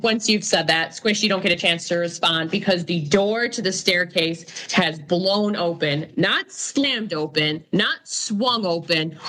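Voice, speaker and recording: A woman narrating a tabletop game as game master, dramatic and energetic, with fillers. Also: fairly low pitch.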